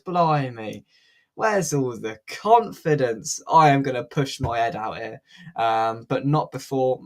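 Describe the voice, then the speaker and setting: Jokey guy hosting a football fan chat, mid pitch, laughs a lot. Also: lively intonation, measured pace. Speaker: podcast host.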